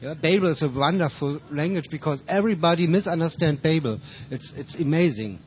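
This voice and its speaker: Halting German-accented man on lo-fi radio. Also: fairly high pitch, a little hiss or hum. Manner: halting, many fillers and restarts. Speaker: radio guest. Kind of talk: casual radio chat. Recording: dull lo-fi radio broadcast.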